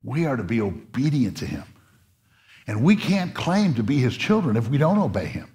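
In a church sanctuary, a man delivers a sermon in a sing-song, dark-toned voice at a moderate pace. The pastor preaches earnestly, repeating words and climbing in pitch whenever he's stirred to press a point.

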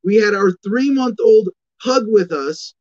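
A man with a high-pitched voice rants sarcastically as the host of a commentary show, stumbling over his words and restarting his sentences. The sound is a bit dull and lo-fi. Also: measured pace. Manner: sarcastic, animated ranting with many restarts.

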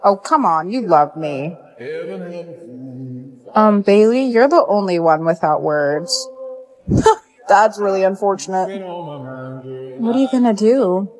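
A woman's voice: medium pitch, expressive, takes it slowly, pauses often, darkish tone. A woman acting in comedy skits with a sarcastic, drawling delivery.

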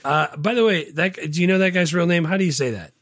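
A man's voice: high voice, quick pace, fairly bright tone, no room sound, clean studio sound. A man co-hosting a podcast in casual movie chat, animatedly acting out lines from a film in raised voices. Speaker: podcast co-host.

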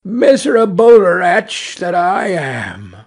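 Grumbly mean cart driver guy, man reading it, rough and gravelly, sounds a bit far off. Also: fairly high pitch, animated, slow pace, full character voice. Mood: despairing. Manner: gruff and grumbling. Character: cruel, grumbling male carter.

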